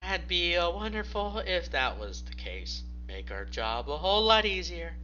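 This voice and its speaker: A man voicing a blunt, edgy male criminal partner, slightly higher than his own voice, on a dull lo-fi recording. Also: sing-song, moderate pace, bright, forceful tone, full character voice. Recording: dull lo-fi mic with faint hum.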